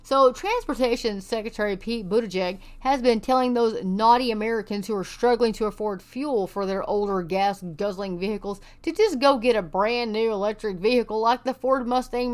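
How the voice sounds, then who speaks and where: A woman from Texas hosting an online commentary show, reading news articles aloud and adding sarcastic, scoffing asides. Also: on the high side.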